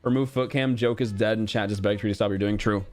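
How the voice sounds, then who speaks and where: A man's voice: fairly low pitch, steady tone, quick pace, faint music behind. A young man streaming casually, reacting bluntly to a quiz with frequent swearing and reading out chat.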